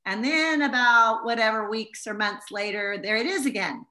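Bright, earnest woman teaching the Bible. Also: fairly high pitch, normal speed. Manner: earnest, heartfelt storytelling. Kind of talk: informal Bible teaching to a small group.

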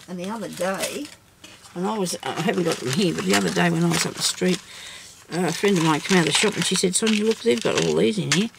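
A woman hosting a casual craft tutorial, chatting and thinking aloud as she works, with soft laughs to herself. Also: fairly low pitch, brisk, creaky, noisy background. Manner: rambling, chatty, thinks aloud while working.

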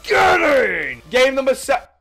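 A young man with a high voice narrates his football matches as he plays, swearing freely and yelling at his opponents. His commentary swings into frustrated rants, with faint music under his talk. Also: huge pitch swings, slow, creaky. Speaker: gaming YouTuber. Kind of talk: live gameplay commentary.

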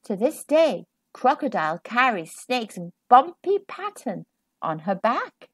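A woman reading a children's picture book aloud, with expressive, sing-song emphasis on the sound effects. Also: a little high, takes it slowly, slightly rough, no room sound, clean studio sound. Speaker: children's storyteller.

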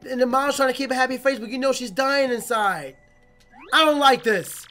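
A woman doing casual, jokey commentary while playing a video game, rambling and excitable. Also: fairly high pitch, moderate pace, soft background music. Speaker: let's play host.

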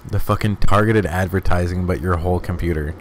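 A man's voice: sits low, fairly quick, background noise. A man chatting casually during a game, blunt and laid-back, swearing freely. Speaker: player. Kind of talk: casual gaming chat.

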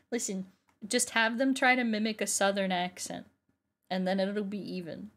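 A woman's voice: mid-range voice, steady tone, normal speed, a bit bright. A young American woman streaming a game, chatting playfully with frequent swearing and sing-song exclamations. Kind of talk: casual gaming commentary.

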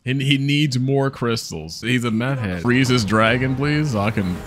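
A man riffs over his gameplay in casual, profane commentary. He jokes, laughs often and talks right to his audience. His voice swings widely in pitch. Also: lively intonation, moderate pace, fairly bright tone, dry recording. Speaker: gaming video creator.

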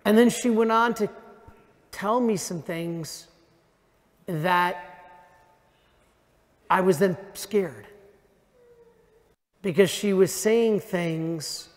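A priest preaching with emphatic weight, his voice high for a man and delivered at an unhurried pace. The sound carries the long reverb of a big church hall. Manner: emphatic preaching, slows down for key lines. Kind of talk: sermon at a parish retreat. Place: large church.

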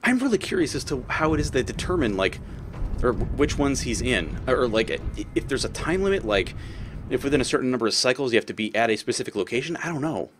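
A man's voice: medium pitch, very animated, fast talker, noisy background. A man giving casual gameplay commentary as a let's play host; he swears often and talks back at the creatures on screen.

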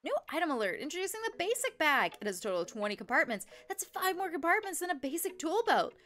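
A woman's voice: sits high, very animated, fast, fairly bright tone, pitched above the performer's own voice. A woman voicing an upbeat store advert announcer with a salesy read. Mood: peppy.

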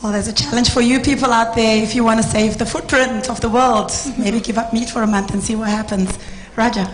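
A woman moderating a conference panel with a hoarse, worn voice, talking in a relaxed, chatty way with filler ums. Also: a little high, brisk, slight background noise, poor audio. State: hoarse, losing her voice. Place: conference stage.

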